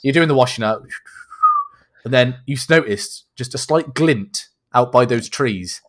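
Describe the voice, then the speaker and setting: A man's voice: mid-range voice, unhurried. A man co-hosting a comedy podcast, setting up a made-up scenario in casual chat. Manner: storytelling, sets up scenarios. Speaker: podcast co-host.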